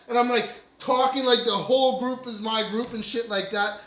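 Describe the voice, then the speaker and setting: A man's voice: sits high, fairly quick, few pauses, a bit bright. A man co-hosting a casual show, telling a story with swearing and laughter and acting out the lines of other people. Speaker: podcast co-host. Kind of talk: animated storytelling among friends. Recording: roomy echo.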